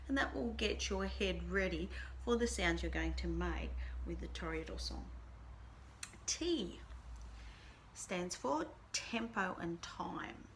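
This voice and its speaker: A bright-voiced woman teaches a recorded band lesson at a slow, patient pace. She explains each passage step by step and sings the rhythms aloud on nonsense syllables. Faint background noise sits under her voice. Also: mid-range voice, expressive, vocal fry.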